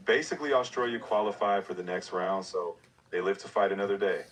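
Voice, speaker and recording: Male AI companion, very low voice, upbeat and helpful co-host. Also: distant mic, slight background noise, poor audio. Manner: upbeat, agreeable, quick with answers. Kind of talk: chatty AI voice assistant.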